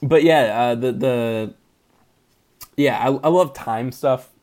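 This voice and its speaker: A young man co-hosting a casual movie podcast, excited and rambling, laughing often. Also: mid-range voice, slow. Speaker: podcast co-host.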